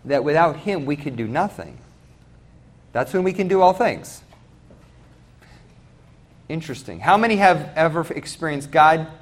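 A man preaching a sermon, asking the congregation questions directly. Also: on the high side. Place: church.

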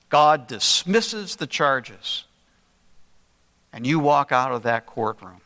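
An older man preaching a sermon, telling a story earnestly with slow, deliberate emphasis. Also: fairly high pitch, animated, bright, forceful tone. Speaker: pastor. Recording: long reverb in a large hall.

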